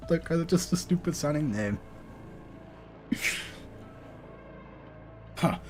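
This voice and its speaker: A man's voice: sits high, huge pitch swings, drawn-out words, pauses often, faint music behind. A young man streaming a game, chatting casually, rambling and laughing at himself. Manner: laughs often, rambling and self-mocking. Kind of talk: casual live-stream chat.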